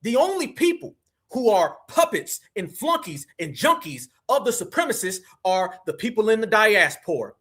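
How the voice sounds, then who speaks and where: A man's voice: high-pitched, big pitch swings, moderate pace, a bit bright. A man hosting a live stream, talking in a fiery, preachy way and calling his viewers family. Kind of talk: heated live commentary.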